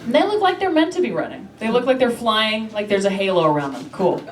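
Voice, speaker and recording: A woman's voice: a little high, expressive, fast. Woman, stand-up comic, brash, self-mocking, swears a lot, roomy echoing club. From Canada. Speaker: stand-up comedian. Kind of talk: stand-up comedy set. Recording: echoey room from far off, loud noise.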